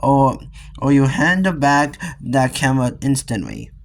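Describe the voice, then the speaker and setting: A man voicing a stern mother who yells warnings at her son. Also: mid-range voice, big pitch swings, a little slow, gravelly. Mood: scolding. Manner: scolding, yelling.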